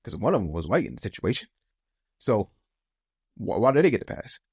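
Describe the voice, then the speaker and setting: A man's voice: fairly low pitch, sing-song, fairly quick, a little mellow, slightly rough, dry recording, studio quality. A man co-hosting a podcast in casual chat, heated and emphatic, talking in loose, repeated phrases with many fillers. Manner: heated, rising to emphatic outbursts. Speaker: podcast co-host.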